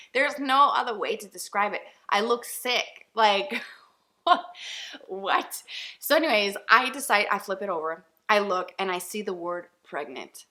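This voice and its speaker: A woman in her thirties, chatting to camera as a vlogger, retelling a personal story in a lively way and acting out what was said. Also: medium pitch. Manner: chatty, animated retelling with acted-out quotes. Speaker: beauty and family vlogger.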